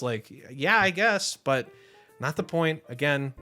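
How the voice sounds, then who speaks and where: A young man ranting his way through a show review, swearing freely and getting animated as he talks to the camera. His voice sits a little high for a man, and faint guitar music runs underneath. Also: normal speed. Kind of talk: casual commentary rant.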